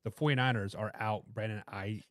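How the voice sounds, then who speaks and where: A man's voice: fairly low pitch, steady tone, a little fast, fairly bright tone, dry recording. A man with a Boston accent hosting a casual sports talk show, joking and stumbling over words as he sets up each game. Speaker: show host.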